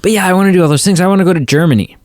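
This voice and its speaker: A man's voice: high voice, rapid-fire, no echo, studio quality. A man co-hosting a movie podcast, chatting casually with lots of restarts and fillers. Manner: rambling, many restarts and fillers. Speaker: podcast co-host. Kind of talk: casual chat.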